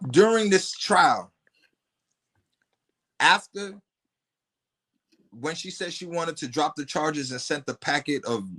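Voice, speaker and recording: A man, a podcast guest telling a story bluntly and profanely, his voice jumping high in outbursts. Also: sharp tone.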